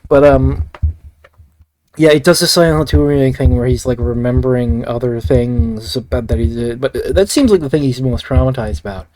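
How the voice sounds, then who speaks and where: A man rambles casually through a film review, swearing often, restarting sentences and wandering off into asides. His voice is medium in pitch and a little mellow, at a moderate pace.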